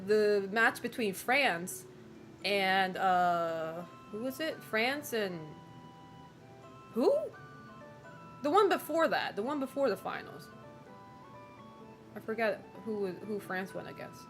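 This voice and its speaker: Woman streamer, casual rambling chat, fairly high voice, light music under her. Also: fairly bright tone. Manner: rambling, swearing, laughs often.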